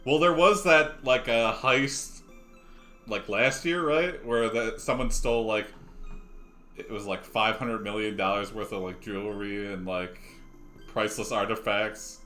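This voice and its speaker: A man's voice: fairly low pitch, steady tone, unhurried, bright, forceful tone, faint music behind. A man co-hosting a comedy podcast, chatting loosely with many fillers and frequent laughs. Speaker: podcast co-host playing a text game. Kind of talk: casual comedic chat.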